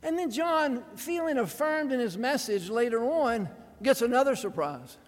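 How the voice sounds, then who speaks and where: Speaking at normal speed, a male preacher gives a sermon with a high, animated voice full of drama and dry wit. The big church hall lets a long echo linger after every phrase.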